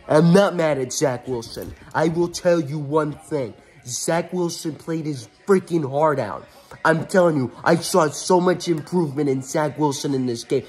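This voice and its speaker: A man with a somewhat high, husky voice rants in a heated fan video. He sounds angry and emphatic and hammers the same points again and again. Faint music plays underneath. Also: unhurried, a little mellow. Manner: angry, repeats himself, emphatic. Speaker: sports fan vlog host. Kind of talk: heated fan rant after a game.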